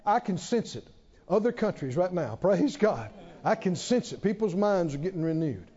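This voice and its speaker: A man preaching a sermon, emphatic, asking many rhetorical questions and pausing for effect. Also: high-pitched, sing-song, mellow. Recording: dull reverberant hall sound.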